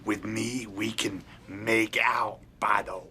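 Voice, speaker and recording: A man's voice: lowish voice, fairly even intonation, slow, bright, forceful tone, a little hiss or hum, exaggerated voice. A man in a sitcom, an office worker speaking in a dry, blunt, teasing way. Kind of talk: sitcom dialogue.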